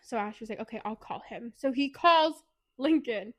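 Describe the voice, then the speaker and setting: Podcast co-host, woman, higher voice, quick sweary recap style. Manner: fast, animated retelling with swearing. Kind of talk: casual book recap.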